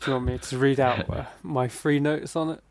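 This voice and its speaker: A man's voice: mid-range voice, fairly even intonation, normal speed. A man co-hosting a podcast, making dry, wry remarks in casual chat. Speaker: podcast co-host.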